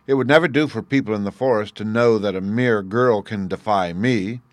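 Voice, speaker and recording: A brutish, boastful giant from a storybook bellows his threats, as a deep-voiced male narrator puts him on. The voice rises a little above the reader's low register and comes in loud and forceful. It sits dry and close to the mic. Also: moderate pace, no room sound, lightly acted. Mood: menacing.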